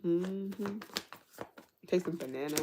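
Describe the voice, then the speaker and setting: A woman's voice: fairly low pitch, takes it slowly, background noise. A woman giving a casual tarot reading who thinks aloud, restarts her sentences, swears freely and laughs often. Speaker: tarot reader.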